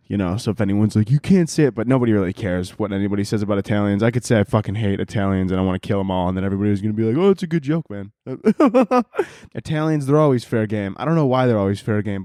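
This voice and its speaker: A twenty-year-old man hosts a podcast, rambling through a crude, comedic monologue packed with swearing and frequent laughter. His voice is lowish with a darkish tone. The studio-quality recording has no room sound.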